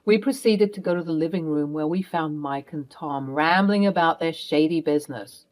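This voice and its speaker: A woman narrating a personal story in a plain, steady retelling. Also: low voice, moderate pace.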